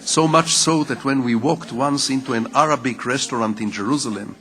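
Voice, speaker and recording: An older man who grew up speaking Hebrew gives a public lecture in English, telling personal stories in a measured, wry way with deliberate pauses. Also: mid-range voice, pushed and bright. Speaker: lecturing novelist. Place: conference hall. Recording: reverberant lecture hall.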